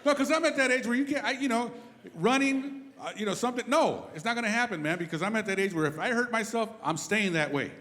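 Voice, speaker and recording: A middle-aged man doing a live stand-up routine on a club stage, telling animated stories and slipping into character voices. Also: very high voice. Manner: animated, quick storytelling that slips into acted character voices. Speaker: stand-up comedian. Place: comedy club stage before a live audience. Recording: reverberant live room with steady background noise.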